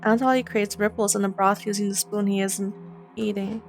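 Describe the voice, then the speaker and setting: A young woman hosting a gaming video, reading the narration of a horror visual novel aloud and breaking off to swear in quick reactions. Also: medium pitch, flat delivery, soft background music.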